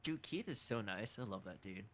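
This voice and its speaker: A man's voice: lowish voice, animated, normal speed, fairly bright tone, a little hiss or hum. A man chatting on a game livestream, a talkative storyteller who acts out the quotes in his stories. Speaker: guide and fellow voice actor. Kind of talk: casual livestream chat.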